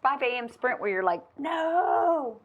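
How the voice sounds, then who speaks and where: A woman co-hosting a casual chat, animated and quick to laugh along. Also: mid-range voice, dull audio. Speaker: co-host.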